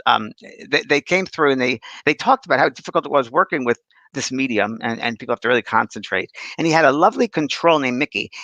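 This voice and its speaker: A man's voice: medium pitch, no room sound. A middle-aged man who is a spiritual medium chats and tells stories animatedly, acting out voices along the way. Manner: animated storyteller, acts out voices. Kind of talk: casual chat.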